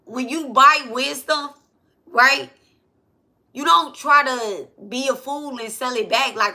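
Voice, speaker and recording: A woman's voice: high voice, slow pace, sharp tone. A woman giving a casual spiritual lesson, reading verses aloud and repeating herself, with frequent "okay?" and "right?" check-ins. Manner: repetitive, asks "okay?" and "right?" often. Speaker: spiritual teacher.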